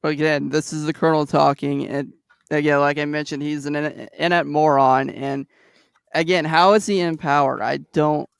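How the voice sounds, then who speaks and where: Gravelly, smooth-voiced man, dry close mic. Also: on the high side, normal speed, no echo. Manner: animated, laughs often, recaps scenes from notes. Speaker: podcast co-host. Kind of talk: casual chat.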